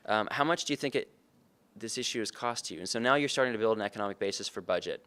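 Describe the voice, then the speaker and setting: A man's voice: lowish voice, fast talker, fairly bright tone. A man giving a conversational conference talk, earnest and often putting questions to the audience. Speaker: conference speaker. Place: conference room.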